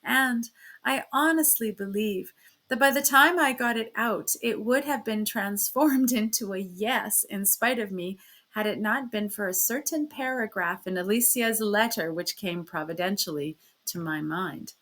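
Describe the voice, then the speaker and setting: A woman reading a classic story aloud in the first person, with expressive shifts in pitch and loudness. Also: a little slow. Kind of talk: storybook read-aloud narration.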